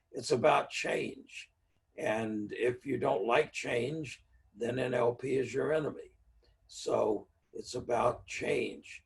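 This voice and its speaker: A man's voice: medium pitch, gravelly, recorded from a distance. A man giving a speaker-series talk on NLP, explaining in a plainspoken teaching manner with everyday examples.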